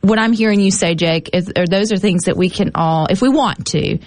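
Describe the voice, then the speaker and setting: A woman's voice: mid-range voice, brisk, a little mellow, dry recording. A woman hosting an interview in an upbeat, encouraging, somewhat rambling way. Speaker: host.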